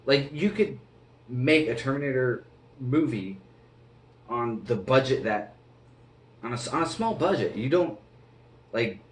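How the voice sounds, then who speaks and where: A man's voice: mid-range voice, expressive, a little slow, pauses often, reverberant, distant mic. A man giving an earnest, rambling, casual reaction to a film as a movie reviewer.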